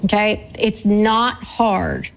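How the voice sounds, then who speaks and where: Woman in her 40s preaching about parenting, gravelly voice, earnest and chatty, repeats her points. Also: mid-range voice, very slow, a little hiss or hum, rough recording. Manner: earnest, conversational, repeats key phrases. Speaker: church speaker. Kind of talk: sermon on parenting.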